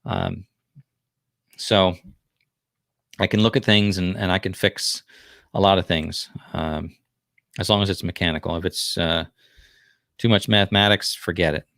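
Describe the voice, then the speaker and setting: Middle-aged man with a New Jersey accent, casual rambling livestream host, low-pitched voice, dry sound. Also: fairly even intonation, unhurried, vocal fry, pauses often, fairly bright tone, no room sound. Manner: rambling, chatty, many fillers and restarts.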